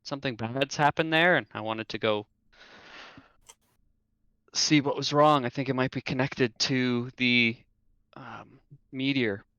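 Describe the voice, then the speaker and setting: A man playing a tabletop game, answering in a hesitant, halting way. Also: mid-range voice, steady tone, bright, forceful tone, smooth, no room sound, dull audio. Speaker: player. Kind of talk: tabletop role-play chat.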